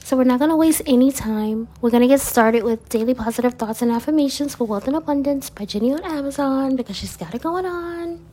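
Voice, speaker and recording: A woman's voice: high-pitched, dark tone, slightly rough. A woman casually chatting as she reads affirmation cards, laid-back, laughing often and throwing in slangy asides. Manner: reads cards slowly and deliberately. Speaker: vlogger reading affirmation cards. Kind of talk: casual chat.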